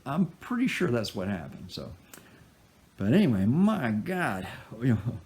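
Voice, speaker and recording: A man's voice: mid-range voice, unhurried. A man telling a funny personal story, chuckling as he goes. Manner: animated, chuckles while telling. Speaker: guitar maker telling a story. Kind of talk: told personal anecdote.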